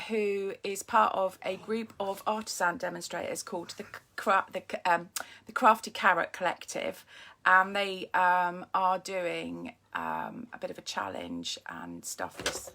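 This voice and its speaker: A woman hosting a live papercraft demonstration from her home craft desk, chatty and eager, greeting viewers by name and filling pauses with ums and restarts, recorded on a streaming camera. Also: medium pitch, a bit bright. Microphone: phone or camera streaming live.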